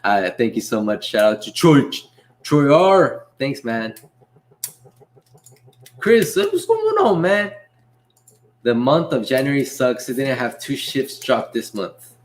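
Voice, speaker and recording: A young man hosting a casual livestream Q&A, reading chat messages aloud and answering in a relaxed way with frequent laughs. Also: mid-range voice. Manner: laid-back, reads chat aloud, laughs often. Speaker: livestream host and delivery driver.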